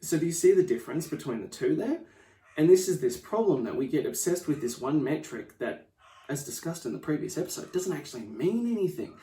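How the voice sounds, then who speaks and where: A man hosting a fitness podcast, telling client stories in an animated, chatty way and acting out the quoted dialogue. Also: fairly high pitch, far from the mic. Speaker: podcast host and fitness professional. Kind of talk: storytelling monologue. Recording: roomy, off-mic room sound.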